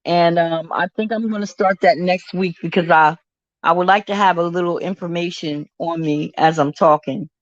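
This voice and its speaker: A woman's voice: on the low side, steady tone, moderate pace, no room sound. A woman chatting casually on a live stream, greeting viewers by name. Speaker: livestream host. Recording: dull, slightly lo-fi sound.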